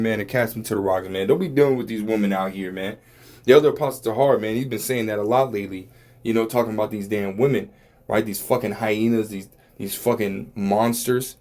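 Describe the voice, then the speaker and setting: A man's voice: fairly low pitch, brisk, a little mellow. A man giving a casual religious talk, rambling and profane, with many filler words.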